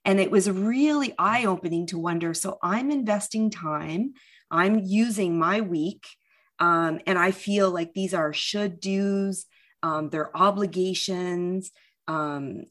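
A middle-aged woman in casual conversation, speaking with emotion, often halting and restarting with fillers. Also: fairly low pitch, a bit bright.

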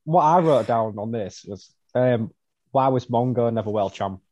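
A man's voice: medium pitch, lively intonation, moderate pace, darkish tone, highs cut off. A man co-hosting a casual wrestling podcast chat, making dry, wry remarks. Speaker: podcast co-host.

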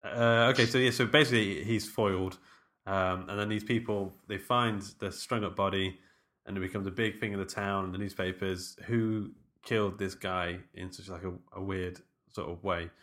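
A man's voice: low-pitched, fairly even intonation, moderate pace, fairly bright tone. A man co-hosting a podcast, chatting casually, rambling and restarting his sentences. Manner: rambling, self-correcting, laughs easily. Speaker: podcast co-host. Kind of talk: casual chat.

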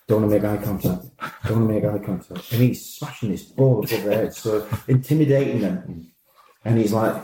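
A man, a former football manager, telling lively anecdotes in an interview and acting out the lines of people in his stories. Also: mid-range voice, noisy background. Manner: animated storyteller, acts out quoted dialogue, laughs often. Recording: roomy echo.

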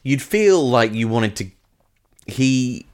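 A man co-hosting a comedy podcast, chatting casually and haltingly with a dry wit. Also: mid-range voice, expressive, a little mellow. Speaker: podcast co-host.

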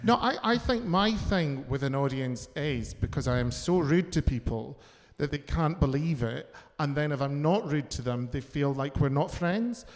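A man, a chat guest, telling camp, bawdy stories with a quick wit. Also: fairly high pitch, expressive, long reverb tail. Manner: camp, bawdy, rapid storytelling. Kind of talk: casual chat.

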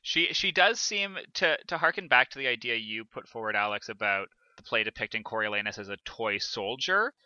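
Guy on a podcast, very bright crisp voice, lots of uhs and restarts, dull dry lo-fi sound. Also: mid-range voice, animated, a little fast, few pauses, no echo. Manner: hesitant, many restarts and fillers. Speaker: podcast co-host. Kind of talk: casual theatre discussion.

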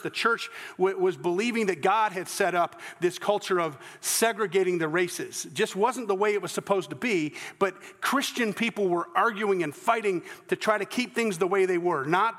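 A man's voice: sits high, a bit bright, in a large hall. A man with a Southern US accent preaching a sermon as pastor. He tells stories earnestly and often restarts his sentences. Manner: storytelling, earnest, with false starts.

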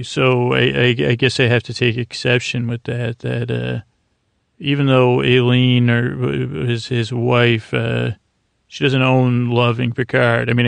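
Guy rambling thru an episode recap, lots of uhs and likes, flat gravelly voice. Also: mid-range voice, no room sound. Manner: rambling, halting, many fillers and restarts. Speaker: podcast host recapping an episode. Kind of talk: casual recap chat.

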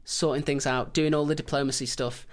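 A man's voice: mid-range voice, level tone, brisk. Dry, sarcastic male storyteller. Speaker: podcast co-host. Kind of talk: casual history podcast storytelling.

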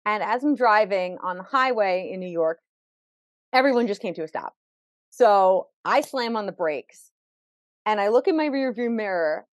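A woman appears as a podcast guest, recounting a vivid personal story and voicing the people in it, repeating words as emotion rises. Her voice is medium-pitched and animated, at a moderate pace, with no echo.

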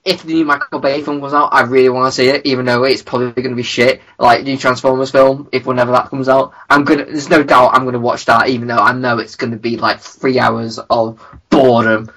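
Bright-voiced rambling man. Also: medium pitch, little pitch movement, fairly quick. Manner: rambling, repeats words while finding his point. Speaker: podcast co-host. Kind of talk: casual podcast chat.

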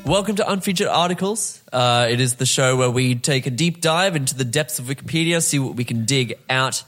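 A man's voice: medium pitch, brisk, a bit bright, soft background music. A man co-hosting a comedy podcast in a studio, joking and teasing in casual chat. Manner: playful, joking, self-mocking. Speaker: podcast co-host. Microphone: studio mic.

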